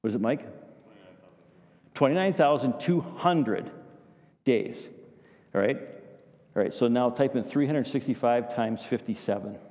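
In a large hall, a pastor with a warm, medium-pitched voice delivers a sermon at a moderate pace. He tells stories and poses questions to his congregation.

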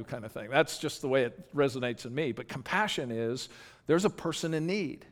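A man's voice: mid-range voice, lively intonation, normal speed. A man preaching a sermon as pastor, earnest and conversational, often restarting his sentences. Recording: long hall reverb.

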